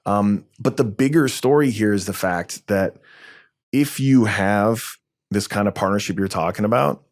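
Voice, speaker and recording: A man in his forties from New York, a tech entrepreneur guest telling lively stories in a podcast interview. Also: on the low side, a little slow. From New York, USA. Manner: lively anecdotal storytelling, acts out dialogue.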